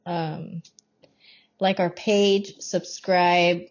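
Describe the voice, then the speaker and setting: A woman's voice: on the low side, little pitch movement, drawn-out words. A woman co-hosting a casual podcast chat, laughing easily and talking with lots of fillers. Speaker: podcast co-host. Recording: dull lo-fi sound.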